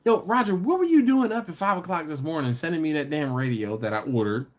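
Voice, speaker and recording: A man's voice: on the high side, expressive. A man hosting a casual livestream, reading viewer comments aloud and joking with them. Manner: joking, teasing, chatty, quick laughs. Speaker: livestream host.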